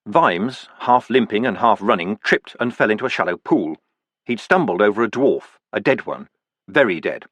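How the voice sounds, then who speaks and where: A male audiobook narrator with a mid-pitched voice and a lively, animated delivery. He reads dramatic fantasy prose with deliberate pauses, and the recording sounds close and dry. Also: no echo. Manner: vivid, expressive reading with deliberate pauses.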